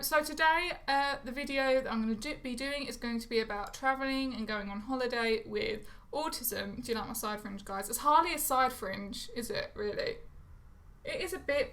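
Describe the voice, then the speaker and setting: A young Englishwoman talking straight into a camera held close, in a bright, forward voice pitched a little high. She rambles, goes off on tangents, mocks herself and swears casually. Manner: chatty, rambling, swears casually, self-mocking. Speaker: vlogger. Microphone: phone or camera close to her face.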